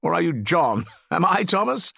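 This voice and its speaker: A man voicing an impatient young prince in an audiobook, brisk and curt. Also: a little high, big pitch swings, creaky, pushed and bright, breathy edge, no room sound, voice pushed up, exaggerated voice.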